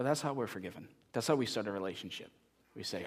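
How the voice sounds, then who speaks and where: This pastor talks very fast, his fairly low voice carrying a breathy edge. He tells a story with lively energy before making a quiet, earnest appeal to the congregation.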